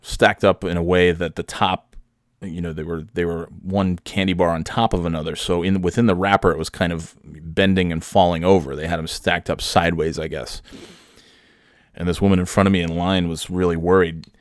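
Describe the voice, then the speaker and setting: A man from New York rambles through a story in a casual, joking way, full of "uh"s and "like"s. His voice is low and the sound is dry and close, with no room around it. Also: steady tone, moderate pace, no echo. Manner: rambling, joking, many fillers. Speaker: vlogger.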